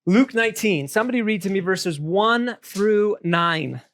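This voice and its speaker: A man leading a Bible study group, animated and joking, asking the room questions. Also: high voice, a little slow, slight background noise.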